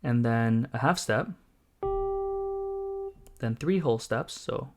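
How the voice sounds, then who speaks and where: Calm man teaching music theory step by step. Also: medium pitch, takes it slowly. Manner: calm, methodical, walks through each step while playing examples. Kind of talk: step-by-step tutorial explanation.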